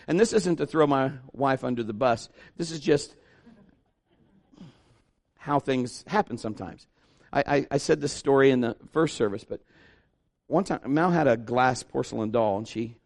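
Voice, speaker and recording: A middle-aged man preaching a sermon at a church service, telling a story with lively asides and acting out other people's voices. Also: mid-range voice, moderate pace. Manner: animated storytelling, acts out voices. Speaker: pastor.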